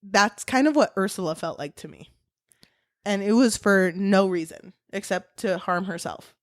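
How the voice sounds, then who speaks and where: A woman's voice: medium pitch, moderate pace, no echo. Woman, podcast co-host, candid and opinionated, casual swearing, dry sound. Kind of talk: casual book discussion.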